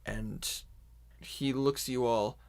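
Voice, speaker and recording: A man's voice: mid-range voice, steady tone, normal speed, a bit bright. A man narrating a tabletop game as game master, rambling with frequent restarts.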